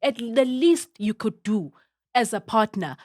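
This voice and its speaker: A woman's voice: fairly high pitch, animated, unhurried, a little mellow, dry recording, clean studio sound. A woman with a South African accent, a guest in a casual podcast chat, insistently pressing to make her point. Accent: South African English. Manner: insistent, keeps asking to be let speak.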